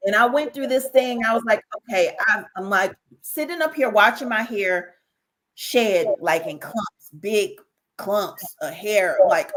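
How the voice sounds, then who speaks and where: A woman, a podcast guest telling a personal story in an animated way, often repeating herself and speaking straight to listeners. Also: medium pitch, rough recording. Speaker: guest, author. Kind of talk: casual interview storytelling.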